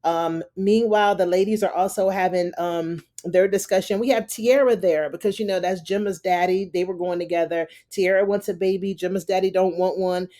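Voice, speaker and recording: A woman's voice: on the low side, fairly even intonation, normal speed, hardly any pauses, warm tone. A woman recapping a TV episode in a loose, chatty way, full of "you know" and "honey". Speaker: TV recap reviewer. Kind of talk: casual spoken episode recap.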